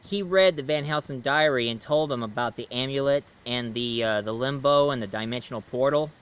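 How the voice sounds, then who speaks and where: A man's voice: mid-range voice, brisk, a bit bright, clear, resonant tone, highs cut off. A man chatting through a casual video film review, rambling with many fillers and restarts. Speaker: movie reviewer.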